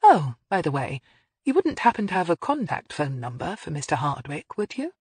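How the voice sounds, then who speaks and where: A narrator voicing a shrewd woman police inspector who asks crisp, probing questions. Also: lowish voice, big pitch swings, moderate pace, dry recording.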